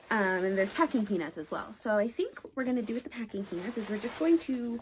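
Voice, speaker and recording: A woman talking casually in a book unboxing vlog, gushing with excitement and often dropping to a breathy whisper. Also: medium pitch, fast talker, hardly any pauses, slight background noise. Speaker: book vlogger.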